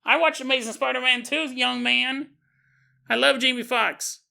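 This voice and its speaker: A man's voice: extremely high pitch, steady tone, moderate pace, gravelly, pushed and bright, pitched above the performer's own voice, full character voice. A man voicing a spiteful old grandmother who grumbles and mutters to herself. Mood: indignant. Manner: muttering and crotchety.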